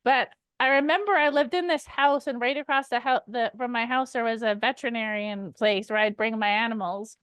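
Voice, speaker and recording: A chatty, giggly woman from Canada co-hosts a casual podcast, telling stories with easy laughter. Her voice sits high. The sound is dry and close, with no room around it. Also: brisk, few pauses, fairly bright tone, clean tone, no room sound. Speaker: podcast co-host.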